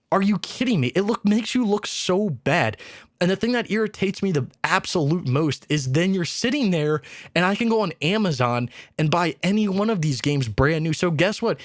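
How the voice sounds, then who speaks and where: A male gaming host in an exasperated casual rant, swearing freely and mocking companies in put-on voices. His voice sits a little high. The sound is dry and close, with no room around it. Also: animated, fairly quick, no room sound. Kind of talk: casual ranting commentary.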